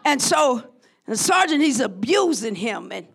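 A middle-aged woman pastor preaching a sermon, swinging between shouted, impassioned declarations and soft, low passages. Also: very animated, unhurried, creaky, breathy edge. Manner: drops to a soft, low, intimate tone.

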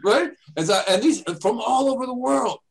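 A man's voice: extremely high pitch, moderate pace, creaky, low-quality recording. An older man hosting a radio show, chatting casually and rambling through stories. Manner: rambling storyteller, acts out voices in his anecdotes. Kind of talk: casual chat.

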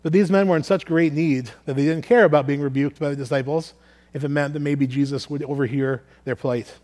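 A man with a fairly high, darkish voice speaks a little fast with fairly even intonation. He earnestly preaches a sermon that includes scripture reading, often repeating words as he thinks aloud.

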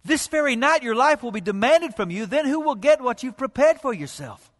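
A male preacher voicing God with a stern, solemn, measured delivery in a scripture reading. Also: extremely high pitch, big pitch swings, big-room sound.

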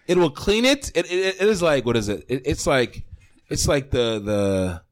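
A man co-hosting a podcast, talking in loose, rambling casual chat. He swears freely and breaks into laughter often, at an everyday middle pitch. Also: sing-song, normal speed. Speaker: podcast co-host.

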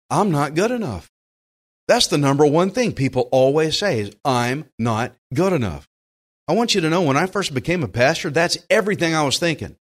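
A man with a Southern US accent preaching a sermon as pastor, folksy and animated, acting out the voices of the people he quotes. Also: medium pitch.

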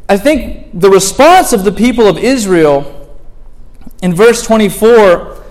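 A high-pitched man preaches earnestly as a pastor, asking the congregation rhetorical questions and acting out complaining prayers.

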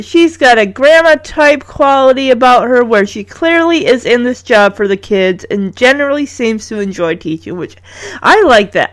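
A woman's voice: a little high, no room sound. A woman casually retelling a cartoon episode with chatty, teasing asides.

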